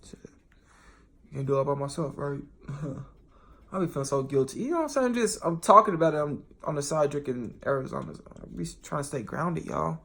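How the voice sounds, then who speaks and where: A man in a casual, rambling monologue, talking straight to his viewers, swearing freely and restarting often, with sudden jumps in loudness. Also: a little high, lively intonation, a little fast, creaky. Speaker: vlogger.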